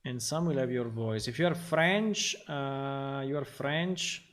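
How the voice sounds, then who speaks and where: A man chatting on a livestream while he works on a game, thinking out loud and wandering from point to point. He stops often for an um or a restart and takes his time over each thought. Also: mid-range voice, slow pace. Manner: rambling and thinking aloud, many ums and restarts. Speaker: game developer streaming his work. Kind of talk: casual livestream talk while working.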